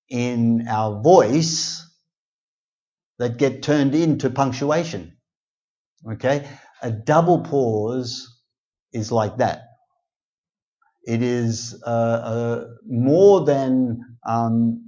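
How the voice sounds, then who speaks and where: A male English teacher explains grammar slowly and deliberately, pausing often and filling gaps with little hesitations. His voice sits at an ordinary pitch. The recording sounds slightly dull and lo-fi. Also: dark tone. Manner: slow, deliberate, with many pauses and fillers. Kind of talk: casual spoken lesson.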